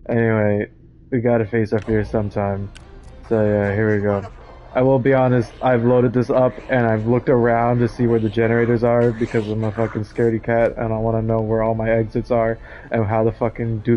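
A man's voice: fairly low pitch, completely flat delivery, brisk, lo-fi sound, faint music behind. A man streaming a horror game live, nervously talking to himself and swearing often. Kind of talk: live gameplay commentary.

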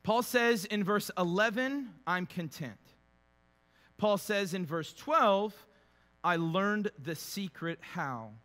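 Animated young man preaching in echoey hall. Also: high voice, slow pace. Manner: animated, acts out quotes with funny voices. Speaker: pastor. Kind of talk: casual humorous sermon.

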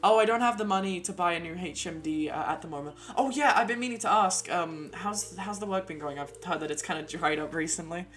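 Excitable low-voiced woman streaming. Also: fairly quick, hardly any pauses. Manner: excitable, rambling, swears and laughs often. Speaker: streamer host. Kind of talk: casual live-stream chat.

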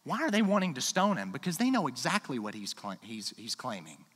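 A man preaching a sermon as pastor, emphatic, swinging between quiet asides and loud declarations. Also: mid-range voice, wildly swooping pitch, fairly quick, slightly rough. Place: church sanctuary. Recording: long hall reverb.

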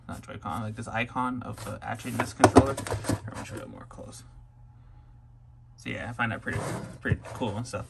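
A young man hosting a casual unboxing vlog, talking in an awkward monotone full of ums. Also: mid-range voice. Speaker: unboxing vlogger. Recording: faint background noise.

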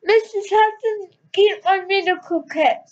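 A woman's voice: extremely high pitch, measured pace, dull audio, pitched above the performer's own voice. A woman doing a motherly old landlady. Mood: fond. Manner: warm, motherly, calls people dear. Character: kindly older female landlady.

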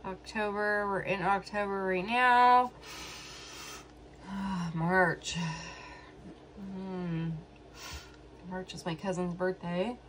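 An emotional woman in an unhurried tarot reading, thinking aloud as she pauses between words. Her voice sits at a middle pitch and her pace is slow. A faint hum of room tone sits behind her. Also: fairly even intonation. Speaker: tarot reader. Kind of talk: casual solo tarot reading.

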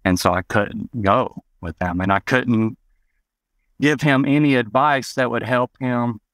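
A man's voice: mid-range voice, unhurried, fairly bright tone, no room sound. A man from Arkansas, telling personal memories as an interview guest, rambling with many "you know" asides.

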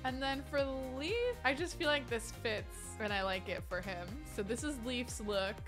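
A woman giving excitable, gushing let's play commentary on a life-simulation game. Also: a little high, normal speed, over music. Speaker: gaming YouTuber.

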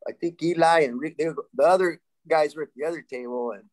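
Man, 60s, from Sacramento, slightly high voice, casual panel storytelling, laughs often, restarts. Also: quick pace, darkish tone, poor audio. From Sacramento, California, US. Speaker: panel guest.

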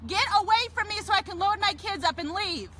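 A woman's voice: extremely high pitch, animated, a little fast, bright, forceful tone. A woman filming a confrontation on her phone in an outdoor parking lot, shaken and pleading. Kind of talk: phone video rant. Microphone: handheld phone.

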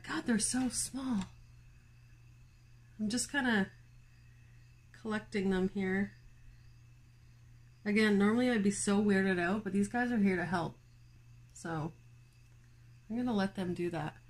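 Female vlog host, easygoing chatty delivery with fillers and laughs, slow pace. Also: medium pitch. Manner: chatty, filler-heavy, giggly, talks to viewers. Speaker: plant channel host. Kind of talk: casual chat vlog. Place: home, indoors.

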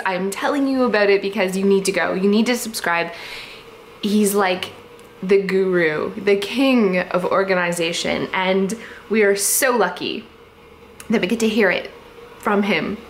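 A woman's voice: medium pitch, a little hiss or hum. A woman from Canada, host of a home organizing vlog, telling a story in a chatty, rambling way with many fillers and giggles.

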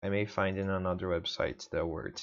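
A Portuguese-speaking language learner thinks aloud in a self-study vlog, muttering and repeating words again and again. His deep voice keeps a steady tone at normal speed, though the audio sounds dull.

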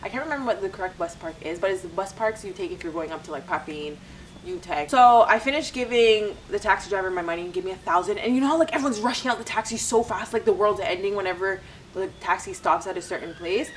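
Girl vlogging a storytime, talks super fast, sounds kinda distant from the mic. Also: mid-range voice, a little hiss or hum. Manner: animated, chatty storytelling. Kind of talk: casual storytime.

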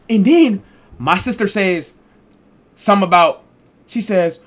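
A young adult man streamer telling a casual storytime, animated, slangy and profane. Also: a little high, brisk.

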